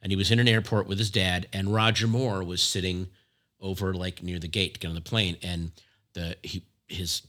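A man co-hosting a podcast in casual chat, an animated, joking storyteller. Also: deep voice, moderate pace. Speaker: podcast co-host.

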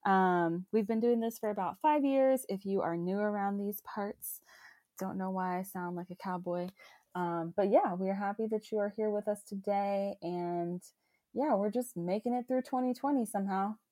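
A woman's voice: mid-range voice, normal speed, warm tone, no room sound. Young woman, podcast co-host, chatty and rambling, dry close sound. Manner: chatty, rambling, frequent fillers and restarts. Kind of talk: casual chat.

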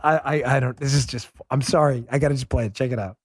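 A man from Queens hosting a political commentary podcast, animated and quick to laugh. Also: mid-range voice, background noise. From Queens, New York. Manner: animated, laughs often, breaks into impressions. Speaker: podcast host.

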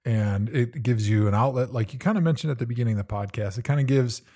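A man in his thirties co-hosting a podcast, reflecting on memories and asking measured questions. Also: mid-range voice, warm tone. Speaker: podcast co-host. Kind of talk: casual conversation.

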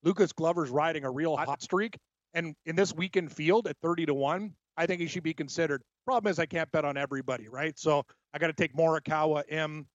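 A chatty, animated man talks through his betting picks like he is telling a story. His voice sits a little high and sounds dry and close. The recording is dull and lo-fi. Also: brisk, no echo. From Scotland. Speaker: sports betting co-host. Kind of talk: casual sports betting talk.

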